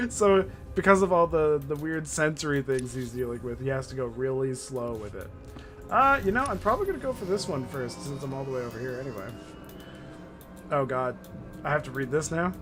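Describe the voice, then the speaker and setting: A man's voice: mid-range voice, lively intonation, moderate pace. A man streaming a video game, chatting and joking with viewers in a loose, laughing way. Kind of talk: casual live-stream commentary. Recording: game music under the voice.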